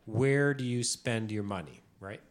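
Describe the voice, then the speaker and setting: A man's voice: on the low side, unhurried. A man co-hosting a casual podcast, giving his opinions in a wry way. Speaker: podcast co-host. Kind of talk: casual banter.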